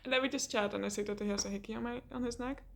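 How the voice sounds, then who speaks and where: A young woman telling a rambling, animated story in a casual vlog, laughing often and swearing. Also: a little high, rapid-fire, vocal fry.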